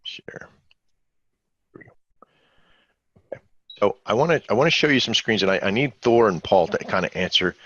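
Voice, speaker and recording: A man's voice: sits low, creaky, bright, forceful tone, husky, dry recording, muffled recording. A man hosting a live trading webinar, talking in a rambling, conversational way and quizzing his audience. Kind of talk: casual live webinar teaching.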